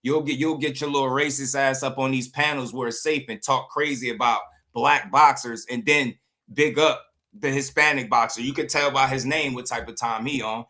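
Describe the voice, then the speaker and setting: A man's voice: mid-range voice, steady tone, moderate pace, bright, forceful tone. A man hosting a boxing livestream channel, talking in a heated, blunt, slangy way and often repeating himself. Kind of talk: livestream commentary rant.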